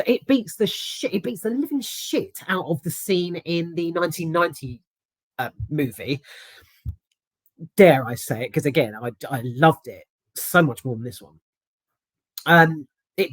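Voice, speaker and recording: A woman's voice: low voice, dry recording. A woman giving a casual, rambling spoken film review, emphatic and swearing freely.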